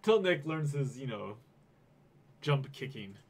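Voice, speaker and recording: A man's voice: medium pitch, lively intonation, takes it slowly, breathy edge. A man co-hosting a casual nerd news show, who laughs a lot and agrees by echoing his co-host. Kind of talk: casual chat about video games.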